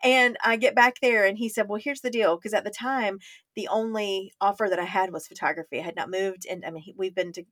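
A woman chats on a podcast, telling stories with animated acted-out quotes. Her voice sits in a middle range, and she laughs easily. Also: mid-range voice, brisk. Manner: animated storyteller, acts out quotes, laughs often. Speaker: podcast co-host. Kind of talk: casual chat.

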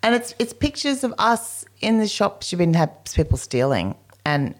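A middle-aged woman, telling stories in casual chat, animated and blunt, swearing freely, recorded in a hotel room. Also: mid-range voice, moderate pace.

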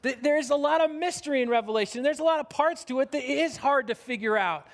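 High-voiced man preaching in a hall. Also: a little fast. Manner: conversational, self-deprecating, with frequent restarts. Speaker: pastor. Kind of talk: sermon. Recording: long hall reverb.

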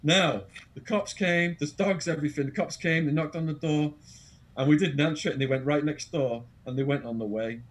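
A man with an English accent, an interview guest telling an animated, dramatic anecdote full of quoted voices. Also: fairly high pitch, fairly quick. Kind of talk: storytelling anecdote.

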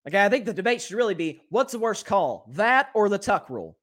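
A man hosting a solo sports talk show, giving animated and opinionated commentary and often repeating words as he thinks. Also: sits high, a little fast. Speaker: sports podcast host.

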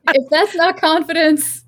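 A woman from Maine, a podcast guest, telling stories in a casual chat with frequent laughter. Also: very high voice. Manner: laughing, animated storyteller.

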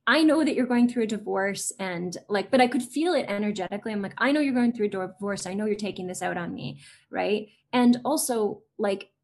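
As a guest on an interview show, a chatty female educator in her forties speaks casually, uses lots of little fillers, and slips into other voices to quote children. Her mid-range voice is brisk with a darkish tone. The recording carries a little hiss or hum.

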